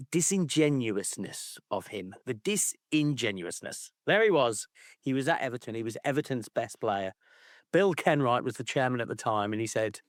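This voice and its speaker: A man's voice: mid-range voice, fairly bright tone, no room sound, studio quality. A man co-hosting a casual football podcast, ranting playfully and swearing freely. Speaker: podcast co-host.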